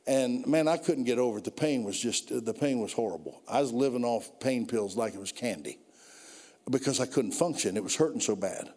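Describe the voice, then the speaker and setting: Preacher in a reverberant church hall. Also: male voice, brisk. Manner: storytelling preacher, building from low murmurs to loud climaxes. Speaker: pastor. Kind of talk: sermon.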